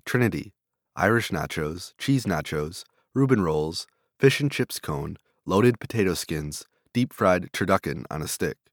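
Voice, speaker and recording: A man with a very low voice reads a long list of vendors and dishes, item after item. His delivery is steady and flat. The sound is dry and close, with no room echo. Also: a little slow. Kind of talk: reading a list of food vendors.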